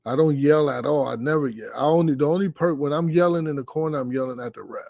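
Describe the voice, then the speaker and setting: A boxing coach chatting casually on a podcast, telling animated stories and swearing freely. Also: male voice, on the high side, fast talker, vocal fry, dry recording.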